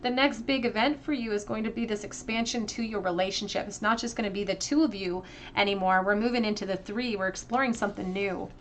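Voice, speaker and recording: A woman giving a tarot card reading to her viewers, earnest and emotional, often pausing with fillers and restarts. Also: mid-range voice, steady tone, a little hiss or hum. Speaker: tarot reader.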